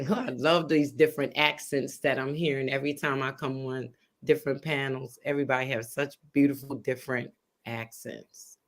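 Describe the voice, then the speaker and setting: Woman host, Jersey accent, easygoing panel chat, steps in to calm things down. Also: extremely low pitch, normal speed. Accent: New Jersey. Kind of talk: casual online panel chat.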